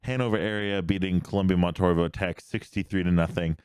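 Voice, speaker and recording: Sports podcast host, man, low voice, smooth and dry, rattles through scores casually. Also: steady tone, darkish tone, dry recording. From Pennsylvania. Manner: quick, rambling recap of scores.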